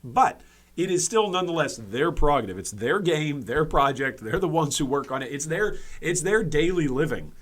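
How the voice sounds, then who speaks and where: A man's voice: on the high side, expressive, moderate pace. Emphatic man hosting gaming commentary. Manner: emphatic, repeats points for stress; frequent restarts and fillers. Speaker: gaming video host. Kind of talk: opinion commentary video.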